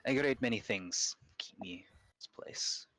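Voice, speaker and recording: A man's voice: medium pitch, bright, forceful tone, rough recording. Strahd, a man voicing a brooding vampire lord. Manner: slow, formal, measured speech with a put-on accent. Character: brooding aristocratic vampire lord, male, older, imperious.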